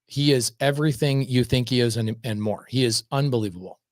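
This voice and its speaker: A man's voice: mid-range voice, fairly quick, a little mellow, no echo, clean studio sound. A man chatting as a podcast guest, telling stories with energy and emphasis, often repeating words for effect. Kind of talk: casual storytelling chat.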